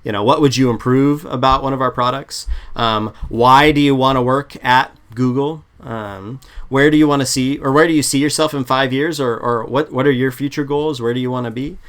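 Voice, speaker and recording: A man coaching on interview prep in a relaxed, chatty way, often restarting sentences, on a video call. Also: mid-range voice, moderate pace, few pauses, smooth. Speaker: product management coach. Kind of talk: casual advice chat.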